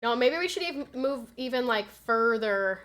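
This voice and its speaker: A woman's voice: a little high, animated, moderate pace. An American young woman streaming a game, chatting casually, reading chat aloud and turning frantic when the action heats up. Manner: chatty, reads chat aloud, gets loud and frantic in fights. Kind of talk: casual live-stream chat while gaming.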